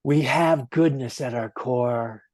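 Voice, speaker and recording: Gentle, earnest man preaching a sermon. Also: mid-range voice, slow pace, no room sound, studio quality. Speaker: minister. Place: church sanctuary.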